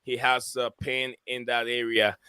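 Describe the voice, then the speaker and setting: A man hosts a casual live stream. His voice is bright and crisp, and his talk is full of hesitant fillers as he reads names from the chat. The sound is dry and close. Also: mid-range voice, little pitch movement, unhurried, no echo. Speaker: host.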